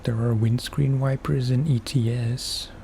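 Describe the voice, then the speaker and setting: Slow, soft-spoken man musing over gameplay. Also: mid-range voice, steady tone, slight background noise. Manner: soft, musing, unhurried asides. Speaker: gaming ASMR streamer.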